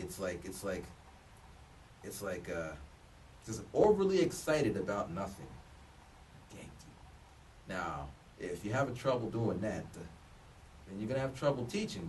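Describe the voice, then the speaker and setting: A man in his thirties chats casually to the camera, joking and often restarting mid-sentence. His pitch swings widely and animatedly. He sits some distance from the mic, with a faint background hum. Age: 30s. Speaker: vlogger giving job advice. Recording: voice a bit distant from the mic, faint room noise.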